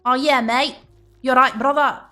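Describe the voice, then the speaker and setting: A woman's voice: high-pitched, fairly even intonation, measured pace, pushed and bright, soft background music. A woman putting on a crude, matey Scottish man in an over-the-top mocking accent. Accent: mock Scottish.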